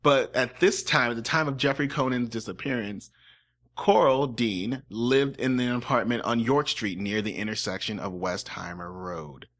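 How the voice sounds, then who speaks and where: A man's voice: medium pitch, moderate pace, fairly bright tone. A man co-hosting a true-crime podcast, chatting casually and joking between the facts. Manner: joking, slips into impressions. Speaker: podcast co-host.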